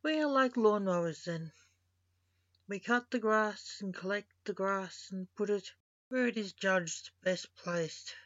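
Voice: mid-range voice, slow, a bit bright, dry recording. A storyteller voicing a grumbling old male reaper king who is a grandfather, stern in manner, on a dull lo-fi recording.

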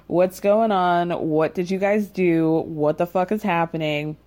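A woman putting on a slightly lower voice for an indignant woman who demands answers. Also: steady tone, unhurried, a little mellow, lightly acted. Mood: incredulous. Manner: incredulous, indignant.

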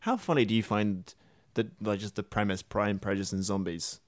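Dry-humoured low-voiced man chatting. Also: a little fast, no echo. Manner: dry, joking, laughs often. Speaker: podcast co-host. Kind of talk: casual film chat.

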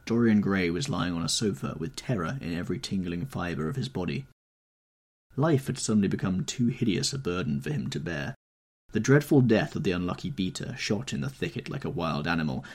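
A man narrating a classic novel chapter for a podcast in a measured, dramatic storytelling manner. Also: sits low, slightly rough. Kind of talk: scripted narration.

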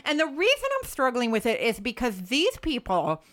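Lively, animated woman co-host. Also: fairly high pitch, moderate pace. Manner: chatty, animated, self-mocking. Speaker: podcast co-host. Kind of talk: casual chat.

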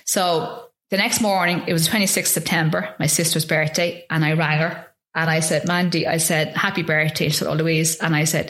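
A woman from Ireland, an interview guest, recounting a personal ordeal in an earnest, halting way, often restarting and acting out what people said. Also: low-pitched, fairly even intonation, fairly bright tone, echoey room. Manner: earnest and halting, with frequent restarts and re-enacted dialogue.

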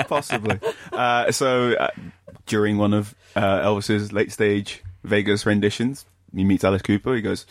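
A man's voice: fairly low pitch, fairly even intonation, normal speed, no room sound, clean studio sound. A man co-hosting a podcast, telling stories in casual chat and laughing easily. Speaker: podcast co-host. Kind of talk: casual wrestling review chat.

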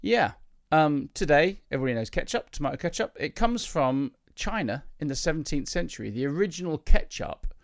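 A man's voice: on the high side, very animated, a little fast, creaky, few pauses, no room sound. A joking man in his forties co-hosts a casual family podcast. His voice is close and dry, and he teases the others, stumbling and restarting as he goes. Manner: teasing, jokey, stumbles over words. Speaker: podcast co-host.

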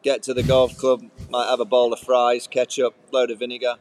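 A man's voice: medium pitch, monotone, brisk, darkish tone, a little hiss or hum. A man, a podcast co-host, telling rambling anecdotes in a casual chat, listing details with fillers. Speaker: co-host, former cricketer.

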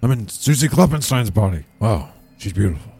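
A bumbling, self-important townsman rambles in a panicky, excitable way, as a man acts him out. His voice is low, gravelly and husky, with a dark tone. This is improvised comedy. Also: brisk, exaggerated voice.

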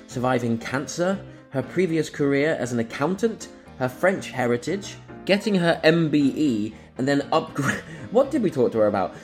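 A man's voice: medium pitch, darkish tone. A man co-hosting a podcast, reading a recap of a guest's choices and chatting. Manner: brisk, reads out a recap list. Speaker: podcast co-host. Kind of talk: casual podcast chat. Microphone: remote call.

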